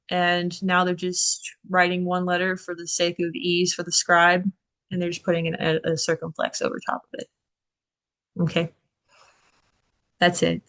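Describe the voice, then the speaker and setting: A woman with a lowish voice gives a classroom lecture at an unhurried pace. She teaches with encouragement, pausing often to check in with her students. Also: a bit bright. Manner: encouraging, checks in with "okay" and "right". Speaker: Greek language instructor.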